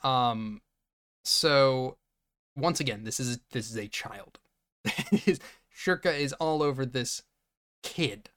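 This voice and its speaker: A man's voice: medium pitch, slow pace. A man co-hosting a podcast, casually recapping a movie and acting out its characters' lines with frequent laughter. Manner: animated retelling, acting out lines, laughing often. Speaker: podcast co-host.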